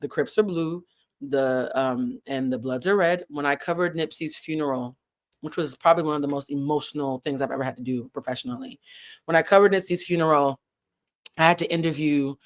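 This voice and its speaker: A low-pitched woman with a New England accent hosts a casual live commentary stream for her channel. She's animated and digressive, swears freely and swings between loud and soft.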